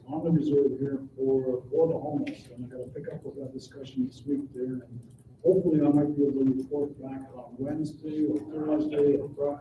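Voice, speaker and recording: A man chairing a council meeting, brisk, calling on speakers and running votes. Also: medium pitch. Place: council chamber. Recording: echoey room, distant mic, muffled, noisy.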